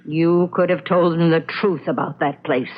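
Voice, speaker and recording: An actress playing a fretful older rural wife who scolds in folksy country speech in a radio drama. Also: female voice, low voice, fairly even intonation, normal speed. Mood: scolding. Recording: dull lo-fi radio recording with faint music.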